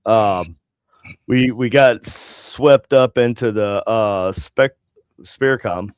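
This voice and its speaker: A man's voice: on the low side, slow pace, clear, resonant tone, no echo. A man hosting a casual paranormal podcast, talking in a joking, offhand way. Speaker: podcast host. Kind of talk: casual chat. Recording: dull lo-fi podcast audio.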